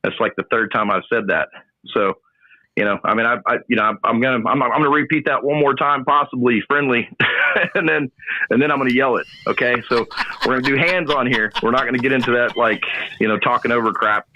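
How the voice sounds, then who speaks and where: Male moderator, mid pitch, blunt and annoyed, lo-fi sound. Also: a little fast, background noise. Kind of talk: casual group call.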